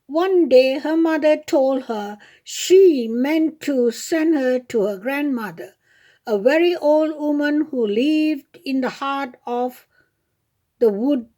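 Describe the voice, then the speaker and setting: Taking it at a slow pace, the woman narrates a fairy tale in a high, mellow tone, occasionally stumbling and correcting herself.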